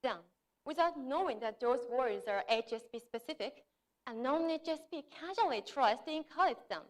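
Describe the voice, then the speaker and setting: A woman's voice: high voice, lively intonation, moderate pace. A young woman from Japan, delivering a memorized, earnest speech as a contestant at a contest. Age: young adult. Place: contest stage.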